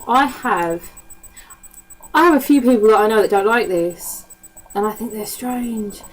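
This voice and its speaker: A woman with a Cockney accent talks casually to camera in an easygoing, rambling way. She swears freely and fills her talk with ums and little asides. Her voice sits in a middle pitch. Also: low-quality recording. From East End of London. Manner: chatty and swears freely, with frequent laughs and fillers. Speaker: vlogger. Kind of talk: casual chat.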